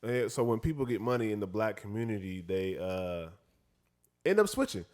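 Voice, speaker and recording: A man co-hosting a casual podcast chat, talking animatedly and breaking into laughs. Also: brisk. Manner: animated, laughing, pitch jumps when imitating others. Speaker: podcast co-host.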